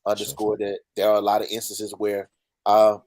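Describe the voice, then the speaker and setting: A man speaking in a measured, hesitant, thoughtful way in a casual group conversation. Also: on the low side, completely flat delivery, a little mellow. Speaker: fraternity brother in a panel talk. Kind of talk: casual chat.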